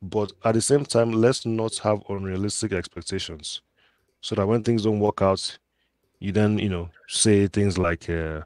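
A man talking in a measured, somewhat hesitant way in a casual football debate. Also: on the low side, fairly even intonation, a little mellow, dry recording. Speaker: Chelsea fan pundit.

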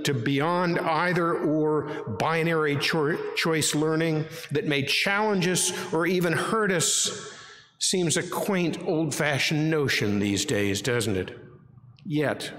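A man's voice: a little high, fairly bright tone, a little hiss or hum. Earnest man preaching in an echoey church. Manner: measured, earnest preaching with rhetorical questions. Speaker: pastor. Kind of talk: sermon. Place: church sanctuary. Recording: echoey sanctuary with long reverb.

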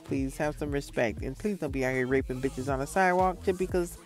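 A man's voice: medium pitch, brisk, hardly any pauses, soft background music. A man from Florida telling a rambling, profane story in a casual vlog monologue. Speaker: vlogger.

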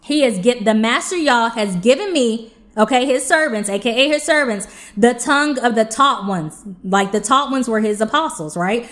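A woman's voice: a little high, animated, moderate pace, a bit bright. A woman reading scripture aloud, stumbling over and restarting words, with casual asides explaining the verses. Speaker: scripture reader.

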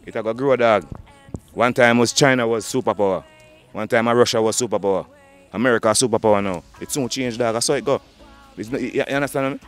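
A man with a Jamaican accent, a dancehall artist talking fast in animated patois in an interview. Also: medium pitch. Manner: fast animated patois, frequent "dog" and "you understand".

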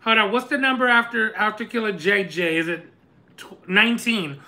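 A man hosting a live eating stream, telling a story in an animated, chatty, lightly sarcastic way. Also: high-pitched, normal speed. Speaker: mukbang host. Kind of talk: casual storytelling while eating on a livestream.

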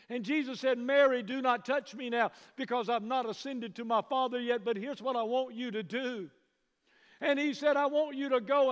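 Pastor guy preaching, swings from quiet to shouting praise, smooth clear voice. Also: very high-pitched. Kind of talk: sermon. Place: church sanctuary. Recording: long hall reverb.

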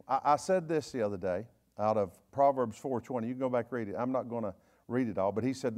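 A man with a Southern US accent, a bishop preaching a sermon in a folksy, joking way with quick asides. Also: mid-range voice, expressive, a little mellow. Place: church service.

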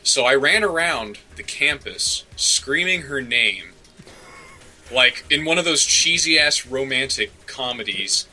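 Young male co-host, very bright lowish voice, rambling anecdote, music bed. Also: expressive, slow pace, poor audio. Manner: rambling storyteller, many fillers and restarts. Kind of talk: casual chat.

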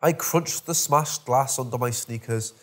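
A man's voice: mid-range voice, a little slow, a bit bright. A man narrating a first-person horror story from a script, in a dry, wry storytelling manner.

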